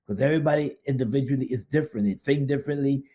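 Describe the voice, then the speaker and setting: Male podcast co-host with a warm, mellow voice and emphatic, repetitive delivery. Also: mid-range voice, racing. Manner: emphatic, repeats phrases. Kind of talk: casual chat.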